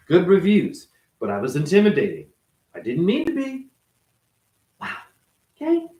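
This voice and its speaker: A man with a high-pitched voice holds forth in a blunt, profane, emphatic monologue. He sounds like he is recording himself at home, his voice bouncing around a roomy, echoey apartment. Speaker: vlogger, former ballet dancer. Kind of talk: unscripted monologue rant.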